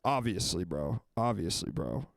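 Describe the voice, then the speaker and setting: A man in his thirties hosting a call-in show, ranting loudly and swearing in casual banter. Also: deep voice, normal speed, gravelly, dry recording, studio quality. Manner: loud, swearing, animated rants.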